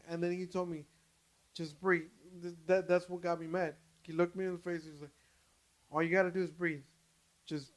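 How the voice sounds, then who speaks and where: A young adult man co-hosting a podcast, telling a story in casual chat, swearing freely and stumbling over his words. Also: on the high side. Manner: animated, swears freely, many restarts and fillers. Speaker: podcast co-host.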